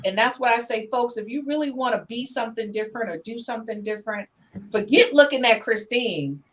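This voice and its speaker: A woman podcast host. She chats casually, calls her listeners "honey", and reads viewer comments out loud with lively energy. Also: on the high side, a little fast, low-quality recording.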